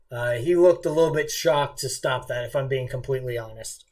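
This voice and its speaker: A man's voice: mid-range voice, fairly quick, hardly any pauses, darkish tone. A man hosting a casual live stream, mixing play-by-play with chatty jokes and stories.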